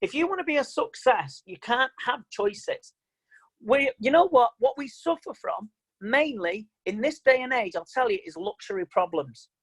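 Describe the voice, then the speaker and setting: A man's voice: extremely high pitch, big pitch swings, moderate pace, a bit bright, breathy edge, poor audio. A man giving an online motivational seminar as a mind coach, talking in an emphatic, plain-spoken and repetitive way over a video call.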